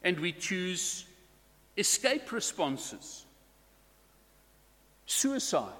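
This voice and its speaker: A man preaching a sermon to his congregation in a slow, deliberate way, stressing key words. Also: sits high, expressive, fairly bright tone, in a large hall.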